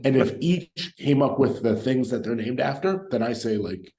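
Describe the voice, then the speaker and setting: Brief: male guest in his thirties, mid-pitched, short sure answers, echoey room. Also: expressive, dark tone. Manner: brief, decisive answers, then thinks aloud with pauses. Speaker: guest, mathematician. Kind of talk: casual interview answers. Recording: roomy, echoey sound.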